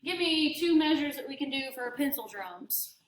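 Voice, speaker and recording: A woman's voice: high-pitched, expressive, normal speed, echoey room. A woman choir teacher leading a classroom demonstration, upbeat and counting rhythms aloud in syllables. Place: school classroom.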